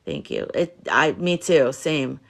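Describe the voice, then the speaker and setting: Tired american woman on a livestream, soft and rambly, reassuring her chat. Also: a bass voice, big pitch swings, slow, creaky. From United States. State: tired from little sleep. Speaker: livestream host, spiritual reader. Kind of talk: casual livestream chat, reading comments.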